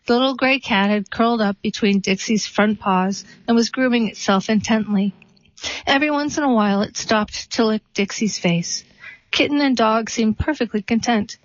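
A woman reading a short story and a poem aloud in a calm, even storytelling manner. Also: fairly high pitch, moderate pace, no echo. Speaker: reader. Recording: dull dry recording.

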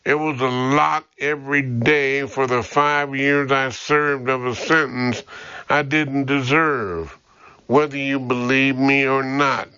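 A man's voice: medium pitch, fairly even intonation, slow, sharp tone, clean tone, no echo, lo-fi sound. A man reading an audiobook, voicing a bitter, frightened young mother who was wrongly imprisoned, pleading and defiant.

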